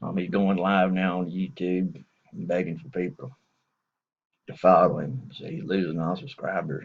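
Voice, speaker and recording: A man's voice: low-pitched, flat delivery, measured pace, creaky, slightly rough, dull audio. A middle-aged man, rambling through a crude, profane comic story.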